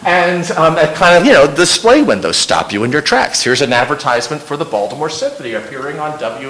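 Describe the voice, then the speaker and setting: This man, a local historian, delivers a relaxed illustrated history talk with slides, offering wry asides as he goes. He has a fairly high-pitched, sharp-toned voice, heard through poor audio.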